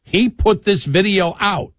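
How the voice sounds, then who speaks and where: With a high voice and a slightly slow pace, a radio host wanders through anecdotes on his easygoing political program. Restarts, self-interruptions and chuckles pepper his talk, recorded in studio quality with no room sound.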